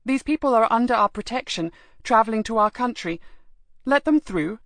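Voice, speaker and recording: A woman's voice: a little high, animated, moderate pace, no room sound, pitched above the performer's own voice. A woman voicing a bold young British woman who bluffs officials in a firm, haughty manner.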